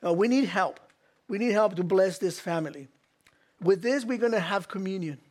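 A fairly high-pitched man preaches a church sermon as its pastor. He talks earnestly, repeats his key lines, and trips into small restarts as he goes. His delivery stays sincere and direct. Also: moderate pace. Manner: earnest, repetitive preaching with restarts and acted quotes. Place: church hall.

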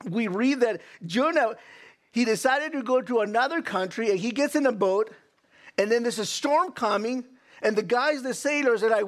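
A male preacher giving an animated sermon, full of stammered restarts and rhetorical questions. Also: extremely high pitch, normal speed.

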